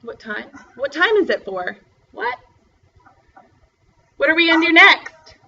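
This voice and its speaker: A young woman teaching a first grade class over a video call, slowly spelling out words in a bubbly, encouraging way. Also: very high voice, big pitch swings, bright, forceful tone, highs cut off. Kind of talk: online class lesson.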